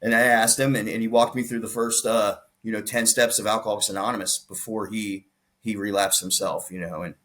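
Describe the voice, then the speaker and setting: A man's voice: lowish voice, a little fast. Man animatedly retelling a story. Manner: animated retelling, acts out quoted dialogue, frequent restarts. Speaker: podcast guest. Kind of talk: storytelling in casual conversation.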